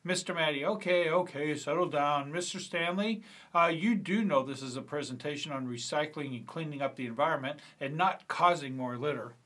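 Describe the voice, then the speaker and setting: A man's voice: fairly high pitch, normal speed, hardly any pauses, fairly bright tone. A man reading a screenplay aloud, voicing a patient, mildly wry male schoolteacher.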